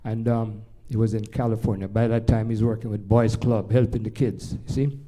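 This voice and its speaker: A man's voice: fairly low pitch, moderate pace. An older man with a Jamaican accent, a jazz pianist telling rambling stories to a live audience, full of restarts. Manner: rambling, animated anecdotes with many restarts. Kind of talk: stage storytelling to a live audience.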